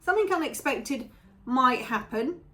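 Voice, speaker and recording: A woman's voice: high voice, lively intonation, a little slow, sharp tone. A woman giving a casual tarot reading, musing aloud and repeating phrases as she goes. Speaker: tarot reader.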